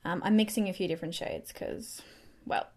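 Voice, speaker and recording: A young woman chatting excitedly while doing her makeup, rambling quickly through a story with lots of fillers. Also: fairly low pitch, slight background noise. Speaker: beauty vlogger. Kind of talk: get-ready-with-me storytelling chat.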